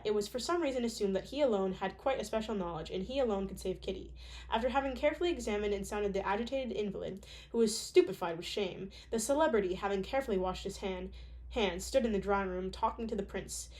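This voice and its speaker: A woman's voice: medium pitch, darkish tone. A woman reading a classic novel aloud in a casual way, with joking asides, occasional stumbles and a sick voice. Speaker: audiobook reader.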